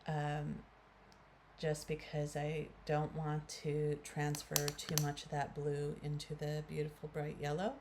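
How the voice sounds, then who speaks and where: A beauty vlogger in her fifties with a Canadian accent chats casually through a makeup tutorial, calling viewers "guys" and using many fillers. Her low voice is completely flat and measured, set against a noisy background.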